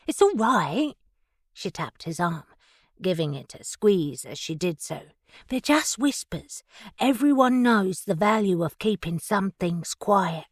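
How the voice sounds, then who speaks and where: A woman's voice: mid-range voice, very animated, a little slow, no echo, studio quality. A woman voicing a wary, proper young witch in an audiobook, speaking in a restrained way. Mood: reassuring.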